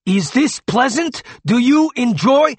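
A man's voice: on the high side, lively intonation, moderate pace, gravelly, slightly rough, no room sound, heavily acted. A man voicing a proud, aristocratic alien prince and grandfather who talks in formal, old-fashioned phrases. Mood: cold fury.

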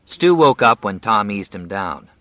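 A man reading a novel aloud in measured, even scripted narration. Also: fairly low pitch, dry recording. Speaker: audiobook narrator. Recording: dull dry lo-fi audio.

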